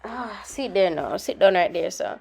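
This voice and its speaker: A woman's voice: mid-range voice, animated, normal speed, vocal fry, a little mellow, soft background music. Chatty Jamaican woman makeup artist. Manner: chatty, slips between standard English and patois; scolds her children mid-talk. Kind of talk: casual vlog chat. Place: home with children around.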